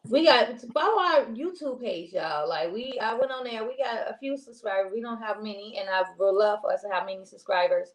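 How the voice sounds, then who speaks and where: A woman's voice: on the high side, a little fast, few pauses. A woman co-hosting a casual talk show, rambling and chatty with many restarts. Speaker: co-host. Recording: roomy echo.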